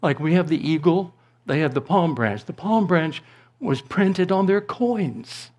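A man preaching a sermon to his congregation, slow and deliberate, rising to emphatic proclamations and dropping to a hush. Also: fairly high pitch, expressive. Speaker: pastor.

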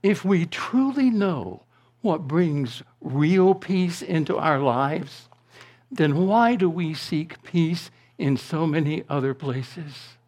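A man preaching a sermon to his congregation, slow and deliberate, rising to emphatic proclamations and dropping to a hush. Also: on the high side, expressive. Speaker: pastor.

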